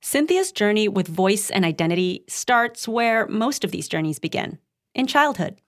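A woman's voice: medium pitch, sing-song, moderate pace. A woman co-hosting a podcast, reading narration and bantering with her co-host.

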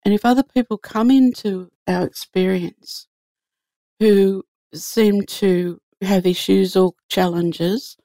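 A woman's voice: medium pitch, dark tone, no echo, clean studio sound. A woman guest telling an earnest spiritual story in an easy conversational way. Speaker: guest sharing a faith story.

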